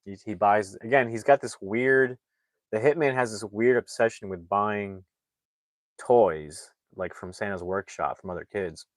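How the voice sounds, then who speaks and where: A man's voice: fairly low pitch, measured pace, no echo. A man reviewing a movie, casually retelling the plot in a rambling way with lots of fillers and restarts.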